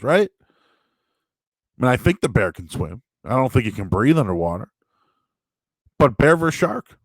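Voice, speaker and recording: A man hosting a show, chatting casually and answering viewer questions in a rambling, animated way with sudden loud, high bursts. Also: dry recording. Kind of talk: casual live-stream chat.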